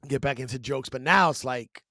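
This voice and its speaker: A male comedian and podcast co-host telling a story in casual chat, slangy and animated, acting out what people said. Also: mid-range voice, fairly quick, dry recording, studio quality. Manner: animated storyteller, slangy with "bro", acts out exchanges. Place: podcast studio. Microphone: studio mic.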